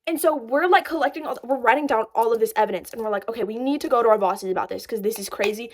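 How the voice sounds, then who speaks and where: A young woman with a high voice tells a storytime vlog straight into her phone camera. She talks breathlessly and animatedly, stringing her sentences together with "like" and laughing along the way. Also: quick pace. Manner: breathless, animated, lots of "like", laughs while telling. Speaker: storyteller vlogger.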